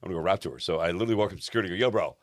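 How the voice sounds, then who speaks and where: Low-voiced guy talking super fast, animated storyteller, dry close sound. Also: dry recording. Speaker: podcast co-host. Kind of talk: casual storytelling chat.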